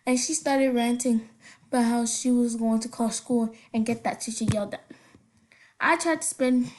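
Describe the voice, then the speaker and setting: A woman's voice: on the high side, steady tone, darkish tone, a little hiss or hum. A young woman casually reading funny stories aloud, stumbling over words and breaking off with giggly asides. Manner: halting read-aloud with slips and giggly asides.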